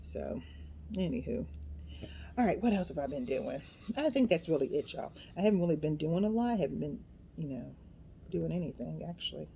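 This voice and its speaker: A woman's voice: low-pitched, animated, brisk, creaky, mellow, a little hiss or hum. A middle-aged woman chatting casually as she works on a craft project, rambling and poking fun at herself as she goes. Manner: chatty, self-deprecating, talks to herself while working. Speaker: craft vlogger.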